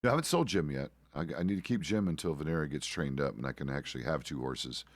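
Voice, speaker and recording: A man's voice: a bass voice, animated, quick pace, dry recording, studio quality. A middle-aged man streaming a roleplay game, chatting casually in a rambling way, often correcting himself mid-sentence and swearing now and then. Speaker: streamer playing a deputy.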